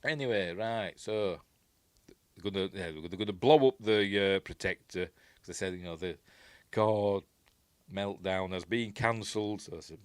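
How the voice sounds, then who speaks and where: A man's voice: low voice, a little slow, clear, resonant tone, no echo. A man with a Yorkshire accent giving a rambling, chuckling commentary on a film, acting out quoted lines. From Yorkshire, England. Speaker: film reviewer.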